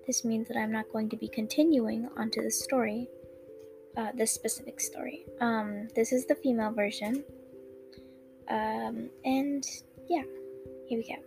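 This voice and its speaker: A woman reading her own fan fiction aloud, halting and stuttering with many fillers, with music playing behind. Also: on the high side, fairly even intonation, gravelly. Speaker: storyteller.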